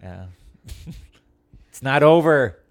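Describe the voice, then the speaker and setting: A man co-hosting a casual podcast, telling an animated story with acted-out quotes, swearing and laughing often. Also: mid-range voice, very slow, no echo, studio quality. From Wisconsin, USA. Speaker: podcast co-host.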